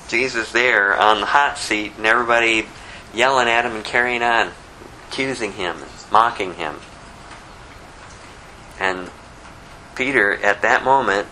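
A man's voice: medium pitch, sharp tone, a little hiss or hum, rough recording. A man giving a conversational, verse-by-verse Bible teaching, reading scripture aloud and explaining it in plain words, with a slight lisp. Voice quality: says he has a lisp. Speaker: pastor.

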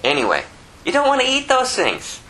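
A man's voice: very high-pitched, huge pitch swings, a little fast, bright, forceful tone, slight background noise, poor audio. A man giving a casual Bible teaching, rambling with conversational asides. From Phoenix area. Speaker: preacher.

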